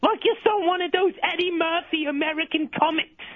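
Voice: extremely high pitch, fairly quick, no echo. A caller voicing a crude, mouthy English woman scolding her ex-boyfriend over a phone line. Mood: brash. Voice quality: loud, mouthy, insulting. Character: brash crude London woman, angry ex-girlfriend.

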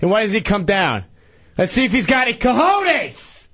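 Male radio regular, very high bright voice, ranting and yelling, lo-fi sound. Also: huge pitch swings, moderate pace, husky. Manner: angry, yelling taunts.

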